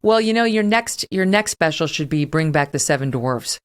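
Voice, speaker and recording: A woman hosts a talk-show interview in a somewhat low voice. She chats easily but asks pointed questions. She steers each turn toward the next topic. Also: animated, normal speed. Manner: chatty, pointed, leads the questions. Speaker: host.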